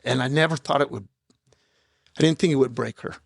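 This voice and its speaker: A man in his fifties, a podcast guest, telling his own story in a raw, halting way with blunt profanity. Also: medium pitch, vocal fry, breathy edge, no room sound. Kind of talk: candid personal storytelling in an interview. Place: podcast studio. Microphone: studio microphone.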